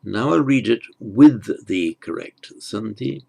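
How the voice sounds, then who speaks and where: Guy teaching online, talks real slow, low creaky voice, stops to fix himself. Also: expressive, darkish tone. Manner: slow, careful explanation with self-corrections. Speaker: Sanskrit teacher. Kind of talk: online lesson explaining grammar.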